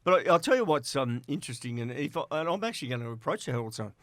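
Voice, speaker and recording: Middle-aged Australian man, podcast guest, anecdotal storyteller, close and dry sound, mid pitch. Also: big pitch swings, very fast, fairly bright tone, no room sound. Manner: chatty storyteller, acts out quoted dialogue, laughs between lines. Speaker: interview guest, former player agent. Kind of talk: casual podcast interview.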